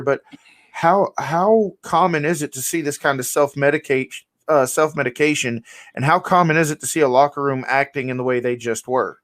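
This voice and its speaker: A man's voice: mid-range voice, no room sound, clean studio sound. A man hosting a podcast, asking long rambling questions with fillers. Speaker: podcast host. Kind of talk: interview question.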